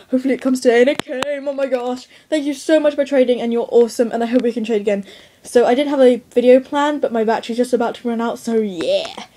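A teenage girl gushing and squealing with excitement as she opens a package of toys. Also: on the high side. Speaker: toy collector vlogger. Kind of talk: excited unboxing vlog.

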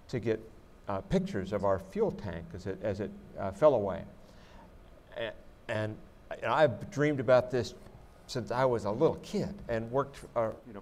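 A man with a fairly low voice speaks thoughtfully to a museum audience, circling back and restarting as he searches for words. He answers questions as a guest astronaut, and a faint hiss sits under the recording. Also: a little mellow. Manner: reflective, with many restarts and "you know". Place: museum auditorium.

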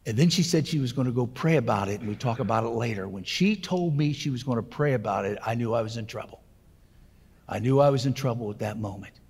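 A man's voice: medium pitch, quick pace, darkish tone, husky. A man in his sixties giving a keynote, telling a personal testimony in an earnest, conversational way. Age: 60s. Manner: earnest, conversational retelling with fillers. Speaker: keynote speaker. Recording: reverberant hall.

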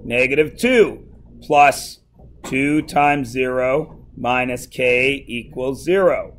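A man's voice: mid-range voice, takes it slowly. A man teaching math to a class, working through equations and teasing his students as he goes.

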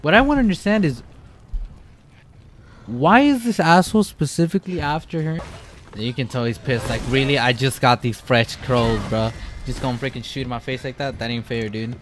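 A young man talks through a horror game in loose let's-play commentary, cursing and rambling. He startles easily, and his pitch leaps up when he panics before dropping back to a mutter. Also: animated, brisk, slight background noise. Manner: jumpy, profane, rambling reactions. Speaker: gamer.

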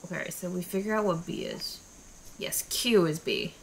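A young woman casually commenting while playing a game, playful and excitable, swearing now and then. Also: fairly low pitch, moderate pace, creaky, a little hiss or hum. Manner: playful, swears, squeals at cute things. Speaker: streamer. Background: game music.

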